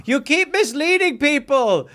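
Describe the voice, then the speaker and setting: A man voicing the ghost of a sharp-tongued old woman who mocks and insults a man. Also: very high-pitched, animated, a little slow, exaggerated voice. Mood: scolding. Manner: mocking, insulting.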